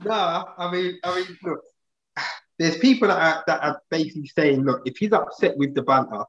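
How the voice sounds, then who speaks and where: A man co-hosting a live chat show, telling stories in a relaxed way and chuckling through them. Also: fairly high pitch, moderate pace, roomy sound, a crowd in the background. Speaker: co-host of a live discussion stream. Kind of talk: casual chat. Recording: dull lo-fi mic sound.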